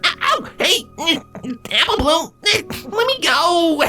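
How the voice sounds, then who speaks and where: A man's voice: very high voice, big pitch swings, slow, bright, forceful tone, soft background music, voice pushed up, full character voice. A man reading a fanfiction aloud, voicing a shy, earnest young changeling boy. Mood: protesting.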